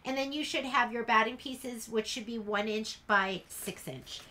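A woman's voice: on the high side, moderate pace, sharp tone, a little hiss or hum. A woman teaching a casual sew-along in her sewing room, chatty and rambling as she works. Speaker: sewing instructor.

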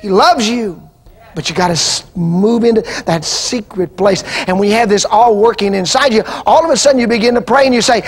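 A man preaching an impassioned sermon that rises into shouts and calls for the congregation to answer. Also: high-pitched, fairly quick, husky. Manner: impassioned, rising into shouts and call-and-response. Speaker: pastor. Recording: archival 2000 TV broadcast.

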